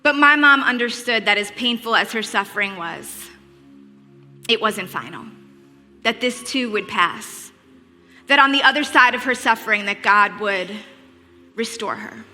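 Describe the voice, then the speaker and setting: A woman preaching with earnest warmth, telling personal stories with a wry sense of humor. Her voice is bright and fairly high. Long reverb from a large hall trails after each phrase. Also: lively intonation, measured pace, pauses often, soft background music. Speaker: speaker.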